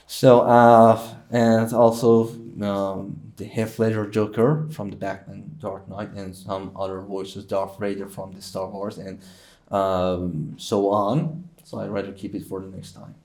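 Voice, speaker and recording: A young man from Iran answers interview questions in English, playful and often hesitant as he searches for words. His voice is low and mellow. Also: level tone, takes it slowly. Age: young adult. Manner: playful, hesitant, lots of fillers. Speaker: guest. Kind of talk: casual interview chat.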